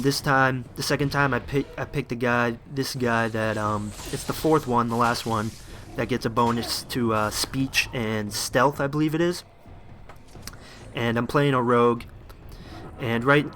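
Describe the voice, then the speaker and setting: A man's voice: medium pitch, a bit bright, a little hiss or hum. A young man giving casual, rambling commentary over his gameplay, enthusiastic and full of fillers, shivering a little from the cold.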